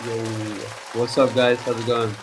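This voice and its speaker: A man's voice: medium pitch, fairly even intonation, moderate pace, over music, a crowd in the background. A young English man, a guest in a casual interview, talking loosely with many fillers and laughs. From England. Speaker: guest, agency co-founder.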